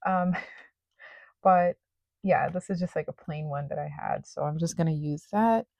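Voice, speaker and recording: A woman's voice: deep voice, unhurried, creaky, darkish tone, no echo, low-quality recording. A young woman chatting casually while she sorts cash into budget envelopes, rambling with lots of fillers. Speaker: budgeting vlogger. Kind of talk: casual cash-stuffing commentary.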